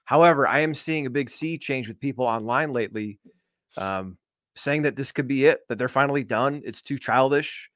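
A man's voice: medium pitch, normal speed, fairly bright tone, no echo. Male co-host, sardonic and foul-mouthed, rambling, dry close sound. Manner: sarcastic, profane, rambling. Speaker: podcast co-host. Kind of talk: casual podcast chat.

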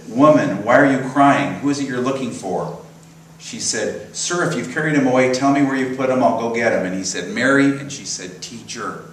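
A man's voice: mid-range voice, a bit bright, a little hiss or hum. Male minister preaching in an echoey church. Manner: conversational storytelling with chuckles. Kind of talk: sermon. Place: church sanctuary. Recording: roomy echo, from far off, faint ambience.

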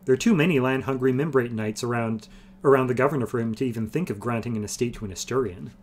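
Guy reading fired-up young patriot dude, intense, loud-ish. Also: mid-range voice, quick pace, close to an everyday voice. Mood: earnest. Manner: intense, hot. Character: fiery idealistic young male patriot.

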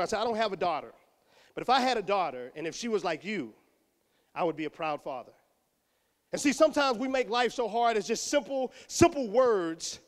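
A middle-aged man from Texas giving an animated motivational talk to students, acting out voices and shouting punchlines. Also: sits high. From Houston, Texas. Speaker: motivational speaker. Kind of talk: energetic motivational speech to students. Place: school auditorium. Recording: echoey hall.

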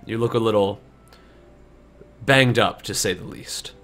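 A man voicing Jacob, a calm, courteous warrior leader in a tabletop game, speaking in measured, formal sentences. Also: lowish voice, faint music behind. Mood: composed. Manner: measured, polite, formal speech.

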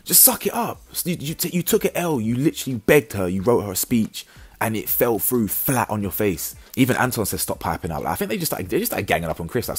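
Male reviewer, low husky voice, blunt heavy recap style. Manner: blunt, animated, slang-heavy, stumbling restarts. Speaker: reality TV reviewer. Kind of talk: casual recap commentary.

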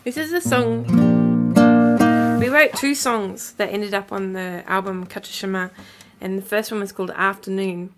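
A woman's voice: mid-range voice, moderate pace, a bit bright, faint music behind. A woman singer-songwriter hosting a live stream, chatty and giggly, speaking into a webcam mic.

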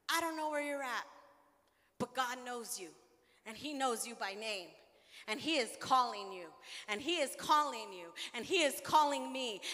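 A young adult woman preaching a sermon to a women's gathering in a church, speaking with passion and rising to shouts at her peaks. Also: high-pitched, big-room sound. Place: church sanctuary.

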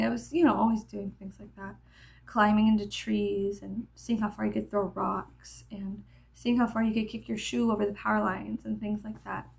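A woman vlogger telling a meandering story while getting ready, full of fillers and drifting into soft whispers. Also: medium pitch, creaky. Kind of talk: rambling get-ready-with-me storytelling.

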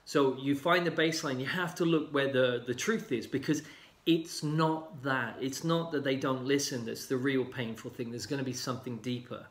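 A man in casual talk, explaining calmly with many fillers and sometimes acting out other people's lines. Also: mid-range voice, normal speed. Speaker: healing coach. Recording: roomy echo.

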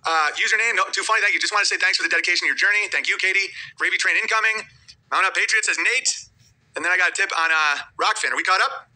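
A man's voice: high voice, fast talker, bright, forceful tone. A man talking on a livestream in a rambling, muttering way, reading viewer chats aloud between thoughts.

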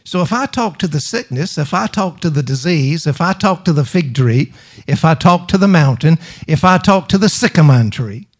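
With a fairly high, expressive voice and a moderate pace, a middle-aged preacher presses his sermon home. He uses rhetorical questions and repetition, calling on the congregation to answer.

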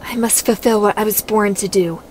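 A woman's voice: medium pitch, fairly even intonation, a little fast, darkish tone, raised voice, a little hiss or hum, natural voice. A woman reading fan-dub lines earnestly, stopping to mock her own slips. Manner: earnest reading, breaking into self-mocking asides. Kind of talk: fan-dub blooper outtakes.

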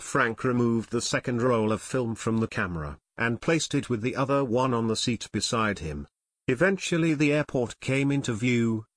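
A man narrating an adventure audiobook in a measured, even storytelling voice on a close mic. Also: medium pitch, no echo.

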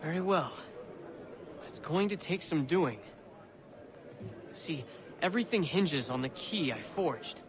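A sly, sardonic imprisoned forger from a video game, lecturing with dry scorn and a slightly raised pitch. A prison crowd murmurs loudly behind the game audio. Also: male voice, expressive, takes it slowly, pauses often. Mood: scornful. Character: scheming middle-aged imprisoned male colonial forger. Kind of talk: video game cutscene acting.

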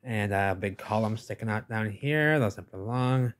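A man with a fairly low voice commenting over video footage. He talks emphatically and dismissively, circling back to the same catchphrases again and again. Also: normal speed.

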